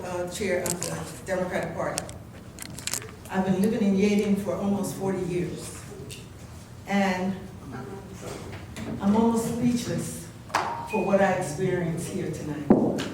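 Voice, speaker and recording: An older woman giving an impassioned public comment at a council meeting, speaking into a podium mic and building to loud, scolding indignation. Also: mid-range voice, noisy background. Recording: very echoey distant room recording.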